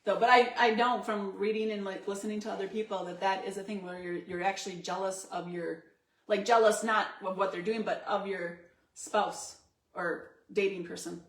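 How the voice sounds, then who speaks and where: A woman's voice: mid-range voice, little pitch movement, normal speed. Woman co-host, casual and chatty, laughs a lot, mid voice, roomy sound. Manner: chatty, laughs often while telling stories. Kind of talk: casual chat. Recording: echoey room.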